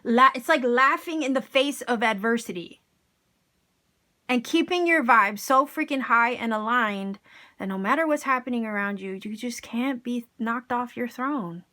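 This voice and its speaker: A woman's voice: on the high side, moderate pace, pushed and bright. Upbeat, slangy woman reading tarot. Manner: enthusiastic, slangy, encouraging. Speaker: tarot reader. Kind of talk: casual tarot reading to camera.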